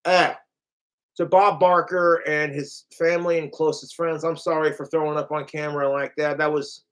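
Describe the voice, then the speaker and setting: A man rambling straight into his camera in a casual vlog. His voice sits a little high, and he curses and groans as he drifts from thought to thought. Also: little pitch movement, normal speed, a bit bright, smooth. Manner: rambling, cursing, groaning and sighing. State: in pain from a hurt toe. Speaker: vlogger.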